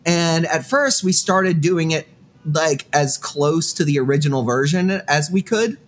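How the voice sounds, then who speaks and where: A man's voice: on the high side, a little slow. A man in a band, talking easygoing in a casual interview and joking along. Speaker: band member.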